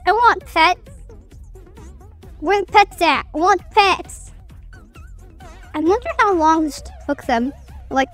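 Young woman gaming streamer, high bright voice, chatty and excitable, with faint game music behind her. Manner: chatty, excitable, self-mocking. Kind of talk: casual gameplay commentary.

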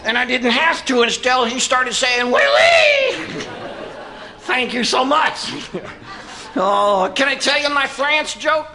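A man's voice: extremely high pitch, big pitch swings, takes it slowly, bright, forceful tone, some chatter behind, full character voice. A man voicing a brash, cheeky redneck puppet who hollers and whoops, with a Southern US accent. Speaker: ventriloquist's dummy. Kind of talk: stand-up ventriloquist act. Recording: noisy comedy club.

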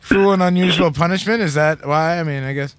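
A man hosting an uncensored radio show, joking and asking silly questions in a deadpan, profane way. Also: on the high side, brisk, smooth, no echo. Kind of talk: casual joking banter.

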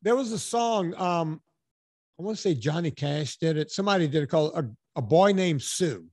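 A man from Louisiana hosting a podcast, talking in an animated, ranting and profane way. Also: fairly high pitch, normal speed, dry recording, clean studio sound. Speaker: podcast host. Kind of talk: casual chat.

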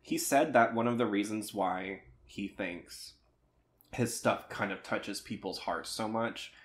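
A man's voice: fairly low pitch, measured pace. A man co-hosting a podcast in casual chat, rambling and sometimes losing his train of thought. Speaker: podcast co-host.

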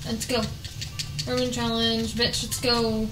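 A woman gaming on camera, swearing and venting frustration at the game as she plays, often breaking into shouts. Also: fairly high pitch, completely flat delivery, slow pace, reverberant, background noise. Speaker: gaming YouTuber. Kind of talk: casual let's play commentary.

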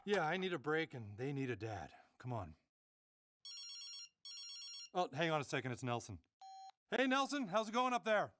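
A man's voice: fairly high pitch, normal speed, pauses often, noisy background. A man voicing a bumbling, blunt middle-aged cartoon dad. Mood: casual. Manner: blunt, deadpan, then excitable. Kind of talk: cartoon voice acting.

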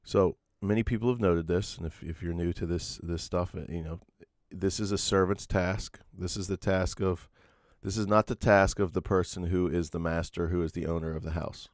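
Male pastor, deep voice, earnest teaching sermon with restarts, dry sound. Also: steady tone, normal speed, hardly any pauses, no echo. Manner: earnest, explanatory, with frequent fillers and restarts.

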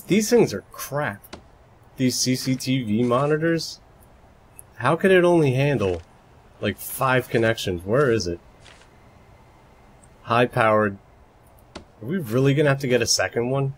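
A man's voice: medium pitch, slight background noise. A man doing live gameplay commentary at home, chatty and muttering to himself, now and then bursting into playful shrieks. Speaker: video game live streamer. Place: home room, roommate asleep nearby.

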